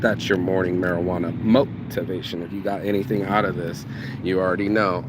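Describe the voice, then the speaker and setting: A man's voice: sits low, a little fast. Slangy motivational man outside by traffic. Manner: slangy, profane, repeats words when excited. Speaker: motivational vlogger. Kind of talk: casual motivational monologue.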